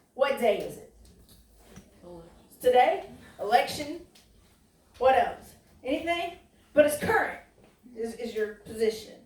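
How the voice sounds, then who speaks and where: Woman pastor, high voice, chatty call-and-response preaching, recorded far off in an echoey church. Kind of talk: sermon. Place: church sanctuary. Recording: roomy, distant church recording.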